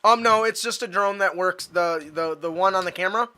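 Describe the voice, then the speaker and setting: A man narrating as game master of a tabletop game, casual and halting, with many pauses and fillers. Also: sits high, sharp tone, clean tone.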